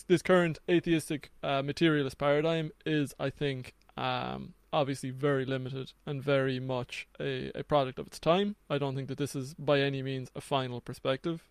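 A man's voice: medium pitch, clean tone, no room sound. A man in casual podcast conversation who talks in a reflective, hesitant way with restarts and laughter.

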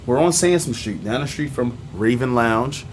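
A man's voice: mid-range voice, animated, normal speed, slight background noise. A young man, telling a long story on a casual podcast, with many ums and acted-out voices for the people in it. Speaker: podcast co-host.

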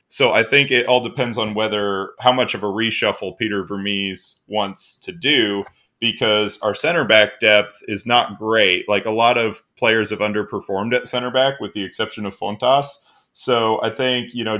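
Young male podcast co-host, low and bright, casual and self-deprecating. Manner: thoughtful, self-deprecating, laughs easily. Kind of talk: casual sports podcast chat.

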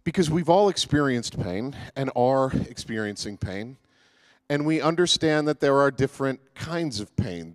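A man's voice: mid-range voice, dry recording, studio quality. A man giving a casual, joking sermon as pastor, with many fillers and restarts.

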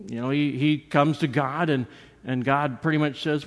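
Pastor preaching in a reverberant church. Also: male voice, on the high side, fairly even intonation, moderate pace. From United States. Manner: conversational, with frequent restarts and repeated words; acts out quoted lines with rises and drops in voice. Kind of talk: sermon. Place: church sanctuary. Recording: long reverb of a church sanctuary.

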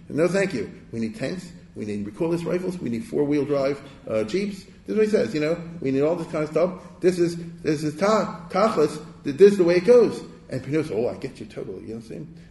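A man's voice: on the high side, mellow. An older man giving an informal history lecture, chatty and rhetorical, often checking that listeners follow. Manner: chatty, rhetorical, keeps checking "you understand?". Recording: roomy echoey room.

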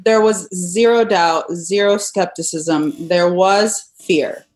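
A woman's voice: fairly low pitch, slow, darkish tone. A young adult woman, a guest, earnestly telling her own love story in a casual conversation.

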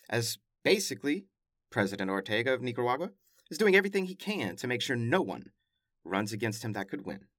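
In this casual news commentary, a man hosting a podcast goes over world headlines emphatically, adding wry and exasperated remarks. His medium-pitched voice is a bit bright, captured in a dry, close recording with no room sound.

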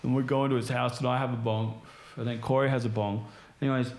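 A man in casual chat, spinning long, rambling stories and swearing nearly every few words. His voice sits in an ordinary middle pitch for a man. The room around him gives it a noticeably echoey, reverberant sound. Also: little pitch movement, fast talker, a little hiss or hum. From Australia. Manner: rambling, heavily profane storytelling full of fillers. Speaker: podcast guest. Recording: roomy echo.

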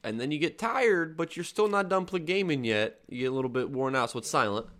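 A man co-hosting a podcast in casual chat, easygoing, agreeable and quick to laugh. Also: fairly high pitch, animated, fairly bright tone. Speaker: podcast co-host.

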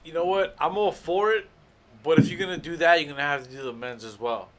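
A man's voice: on the high side, brisk. A man co-hosting a casual wrestling podcast, joking around. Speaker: podcast co-host.

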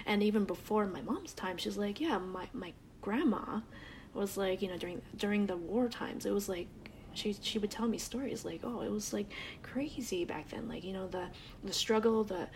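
A woman's voice: medium pitch, moderate pace, a little mellow, slight background noise. A woman in her thirties with a Canadian accent, chatting casually and rambling with many restarts and acted-out quotes. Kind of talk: casual chat.

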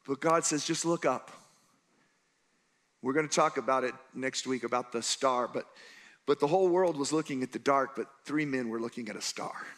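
A man preaching a sermon as a pastor, telling stories with lively character voices and shifting between shouts and soft moments. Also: medium pitch, moderate pace. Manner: animated storytelling, voicing characters.

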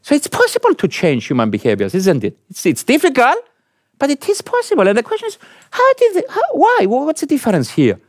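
A man's voice: wildly swooping pitch, a little fast, no echo, studio quality. A man lecturing an audience, asking them questions and stressing points emphatically. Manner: asks the audience questions, emphatic rising pitch.

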